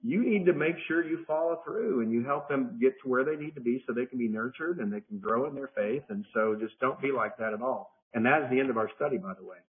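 A man teaching a Bible study to a group in a casual, conversational way, circling back and repeating phrases as he explains. His voice sits at an ordinary middle pitch. The audio is narrow and phone-like. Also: quick pace, few pauses. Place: church study group, partly remote.

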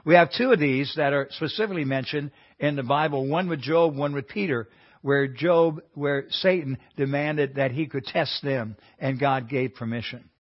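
A man's voice: mid-range voice, normal speed. A man teaching a Bible class in an earnest, conversational way, often restarting his sentences. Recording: dull lo-fi recording.

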